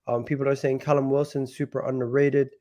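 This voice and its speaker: A man's voice: mid-range voice, flat delivery, brisk, warm tone. Sick, nasal-sounding man hosting football chat. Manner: hesitant, many restarts. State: sick, nasal and deeper than usual. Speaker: football channel host.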